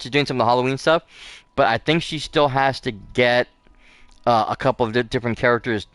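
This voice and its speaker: Smooth-voiced man chatting over a game. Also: mid-range voice, fairly bright tone, dry recording. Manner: rambling and chatty, with many fillers and restarts. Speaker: gaming channel host. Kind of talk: casual let's play commentary.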